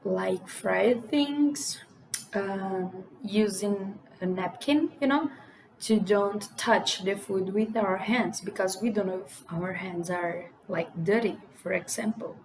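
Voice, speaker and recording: A woman's voice: medium pitch, slow pace, a little mellow. A young woman from Brazil with a Brazilian Portuguese accent, chatting casually to camera in English and filling her talk with "like" and "you know". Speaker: vlogger. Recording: echoey room with faint ambient noise.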